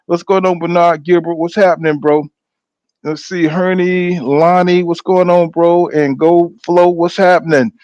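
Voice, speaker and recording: Lively man hosting a boxing stream. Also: high-pitched, unhurried, dry recording, muffled recording. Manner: energetic, reels off shout-outs to viewers. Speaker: boxing channel host. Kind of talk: casual live-stream chat.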